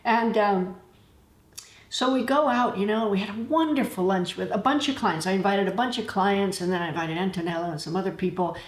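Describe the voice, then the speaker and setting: A woman's voice: mid-range voice, brisk. Chatty woman vlogger in an echoey room. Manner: chatty, anecdotal, laughs while telling stories. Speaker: travel channel host. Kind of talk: casual talking-to-camera vlog.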